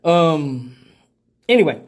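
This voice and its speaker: A man hosting a live show, telling a profane story in a casual, animated way and laughing often. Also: a little high, takes it slowly. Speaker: host of a live call-in show.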